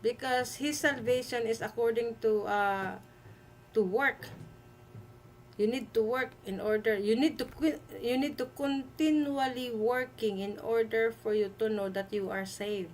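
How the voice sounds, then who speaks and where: Woman host, high voice, slow emphatic delivery, light noise behind. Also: low-quality recording. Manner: emphatic, repeats herself, halting with fillers. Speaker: livestream host. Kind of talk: live-stream commentary.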